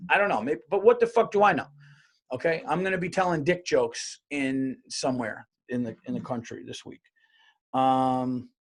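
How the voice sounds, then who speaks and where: A man's voice: mid-range voice, normal speed. A man hosting his own comedy podcast, ranting in a profane, rambling solo monologue. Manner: profane, rambling, animated rants.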